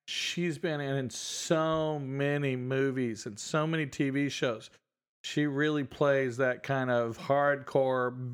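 A man's voice: medium pitch, clear, resonant tone. A man co-hosting a podcast in casual chat, talking about a show with many restarts and frequent laughs. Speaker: podcast co-host.

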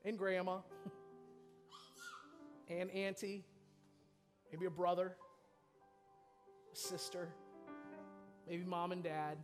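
A man's voice: high voice, very slow, pauses often, faint music behind. A male pastor preaching a sermon in a church, telling a personal story with feeling. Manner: storytelling, emotional, animated. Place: church sanctuary.

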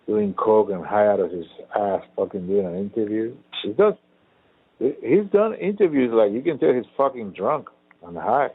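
A man's voice: fairly low pitch, animated, moderate pace, slightly rough, dry recording. A man co-hosting a casual chat, a rambling and profane storyteller. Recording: phone-like lo-fi line.

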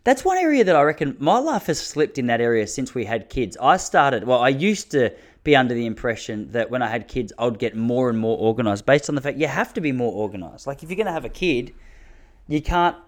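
A man chats casually outdoors in his backyard, telling loose, rambling stories. He often restarts mid-sentence and stays at a middling pitch. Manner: rambling, self-interrupting, drops to a hushed mutter when the neighbour passes. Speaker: vlogger talking to his audience. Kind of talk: casual storytelling monologue.

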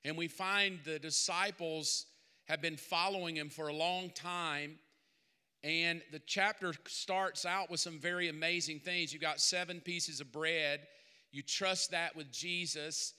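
A man's voice: on the high side, pushed and bright, clean tone. A male pastor preaching a sermon, talking conversationally and then building to emphatic peaks. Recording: long reverb of a large hall.

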